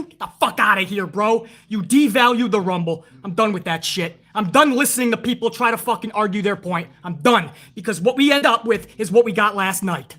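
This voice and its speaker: A man's voice: high-pitched, fairly quick, hardly any pauses, sharp tone. A man hosting a wrestling review livestream, ranting with lots of profanity and reading out chat messages. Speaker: host of a wrestling review stream. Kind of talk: casual livestream commentary.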